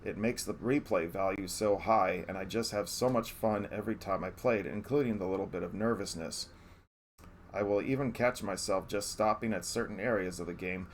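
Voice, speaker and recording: Earnest low-voiced man reviewing a game. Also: moderate pace, slight background noise. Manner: earnest, self-correcting restarts. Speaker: streamer reviewing a retro game. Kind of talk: reading a review, then live-stream chat.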